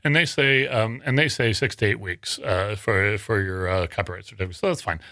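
A man's voice: on the low side, a little fast, pushed and bright, dry recording, studio quality. A man from Wyoming, a guest author on a podcast, telling a story in a rambling way with many restarts. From Wyoming, USA. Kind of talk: casual podcast interview.

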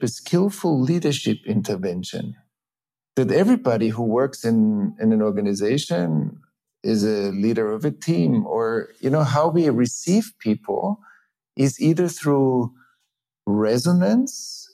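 A man hosting a reflective conversation, speaking thoughtfully with frequent pauses, fillers and restarts. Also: mid-range voice, warm tone. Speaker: host.

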